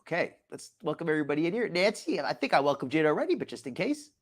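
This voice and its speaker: This man's rapid-fire, highish voice swings widely in pitch as he hosts a casual live stream commentary. He greets chatters by reading their names, restarts frequently and adds sarcasm.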